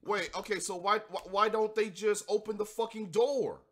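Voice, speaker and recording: A man's voice: sits high, fairly even intonation, normal speed, fairly bright tone, soft background music. A man giving a casual, profane, sarcastic review of a TV show from his home recording setup.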